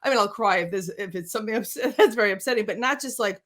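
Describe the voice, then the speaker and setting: Speaking fast with few pauses, this female interview host sounds medium-pitched and fairly bright. She's expressive and emphatic in the casual conversation, frequently laughing as she goes.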